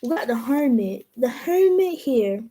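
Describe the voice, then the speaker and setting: A young woman with a mellow, fairly high voice gives a casual tarot reading. She talks slowly and thoughtfully, trailing off mid-sentence and starting over as she works through the cards. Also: lively intonation, low-quality recording. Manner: slow, musing, trails off and restarts. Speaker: tarot reader.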